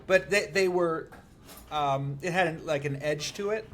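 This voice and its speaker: A man hosting a podcast from a room in a shared home, talking in a measured, gently probing therapist tone. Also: a little high. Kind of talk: casual podcast chat.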